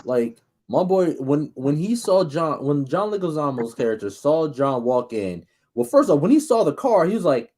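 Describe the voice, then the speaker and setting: A man co-hosting a podcast, chatting casually about movies, excitable, swearing a lot and acting out scenes. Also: a little high, moderate pace, hardly any pauses. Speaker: podcast co-host.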